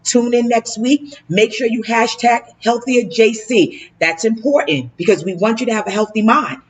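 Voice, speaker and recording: A woman hosting a community talk show, talking in a hyped, slangy, fast way. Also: a little high. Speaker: host. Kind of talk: casual hosted talk show.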